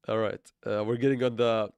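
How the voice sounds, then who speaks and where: A man's voice: fairly low pitch, little pitch movement, moderate pace, gravelly, darkish tone, smooth, no echo, studio quality. A man livestreaming his crypto trades, rambling and correcting himself, with playful sarcasm and frequent laughs. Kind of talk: live trading stream chat.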